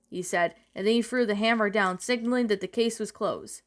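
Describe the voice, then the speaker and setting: A woman's voice: mid-range voice, a little fast. A woman narrating a creepypasta and then reviewing it in a rambling, self-correcting way.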